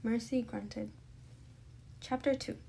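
A woman reading a children's chapter book aloud in a steady, gentle storytelling manner. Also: on the high side, slow, creaky, a little hiss or hum. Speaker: storybook reader.

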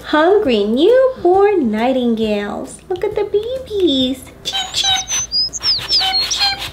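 A woman with a voice on the high side leads story time, reading a picture book to preschoolers. She's playful and coaxing, gasping and asking the children questions.

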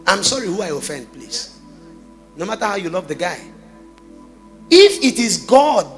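A man with a Nigerian accent preaching a sermon, full of rhetorical questions and sudden shouted bursts. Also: a little high, expressive, normal speed, faint music behind. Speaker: pastor.

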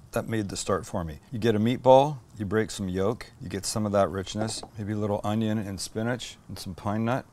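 Enthusiastic man hosting a cooking show. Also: on the low side. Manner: enthusiastic, swears casually while cooking; talks to the camera crew by name. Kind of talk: casual cooking demonstration.

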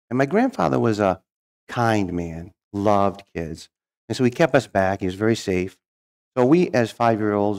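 A man's voice: fairly low pitch, darkish tone. A man with a cold, telling a folksy joke and his personal testimony at church. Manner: folksy storyteller. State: has a cold.

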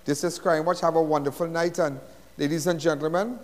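A man's voice: a little high, fairly even intonation, a little fast, very noisy. Emphatic Trinidadian man with hall echo. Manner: chatty and emphatic, repeats phrases, folksy. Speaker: host of a crime talk show. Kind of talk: live talk-show monologue.

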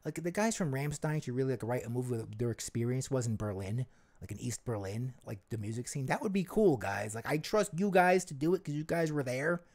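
Brief: male podcast co-host, lively, gravelly voice, rambling and excitable. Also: medium pitch, brisk. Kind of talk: casual chat.

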